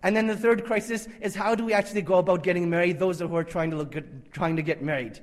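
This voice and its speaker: A man's voice: high-pitched, fairly even intonation, quick pace, long reverb tail. A man giving an Islamic conference lecture, emphatic and repetitive, with Arabic religious phrases woven in. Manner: emphatic, repeats key phrases for effect.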